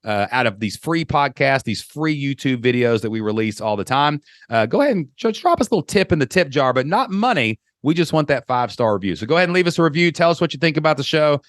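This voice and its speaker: A man's voice: medium pitch, lively intonation, fast talker, hardly any pauses, no room sound. Kentucky guy hosting a podcast, hyped and folksy, dry close mic. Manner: enthusiastic, folksy and joking. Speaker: podcast host. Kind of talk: energetic podcast call-in chat.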